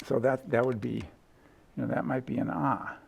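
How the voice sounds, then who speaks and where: A man's voice: mid-range voice, steady tone, moderate pace, gravelly, a little hiss or hum. A middle-aged man lecturing casually in a lecture hall, thinking aloud with restarts and sung vowel demos. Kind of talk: university lecture.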